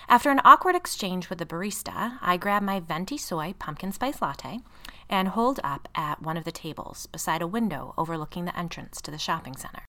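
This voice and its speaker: A woman reading a first-person story aloud in a wry, expressive way, casually profane. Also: fairly low pitch, brisk. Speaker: audiobook narrator.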